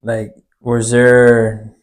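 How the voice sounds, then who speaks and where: Man, podcast host, interview questions, searching, rephrasing, mid-pitched voice. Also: completely flat delivery, drawn-out words.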